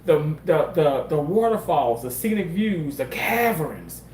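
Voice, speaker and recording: A man's voice: on the high side, very animated, measured pace, a little mellow, roomy sound, slight background noise, poor audio. Candid man telling a story. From Mississippi. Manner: candid, swears freely, rambling with restarts. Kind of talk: casual storytelling monologue.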